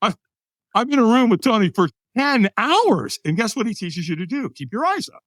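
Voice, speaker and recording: A man's voice: high-pitched, big pitch swings, a little fast, fairly bright tone, no echo. A man in his sixties, a podcast guest from the United States, telling a personal story with vivid energy and acting out the other people in it. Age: 60s. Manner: vivid storyteller who acts out quoted voices.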